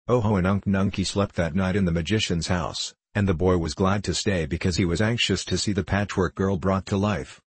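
A man reads a fantasy storybook aloud in a steady, measured way. His voice is very deep and a little husky, and the recording is dry and close. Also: no echo. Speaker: audiobook narrator. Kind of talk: storybook narration.

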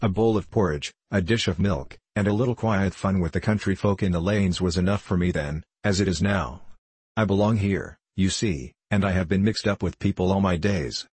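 A man's voice: sits low, moderate pace, darkish tone, slightly rough, no echo. A man voicing an ancient, mischievous male hill sprite in an audiobook, wry and knowing, sometimes scornful. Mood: storytelling. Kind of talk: audiobook character reading.

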